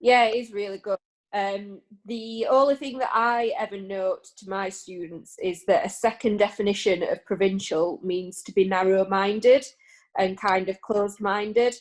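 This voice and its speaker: A British woman who teaches English, giving an explanation in a thoughtful, measured way. Her voice sits at an everyday middle pitch. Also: steady tone, darkish tone. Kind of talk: recorded online lesson discussion.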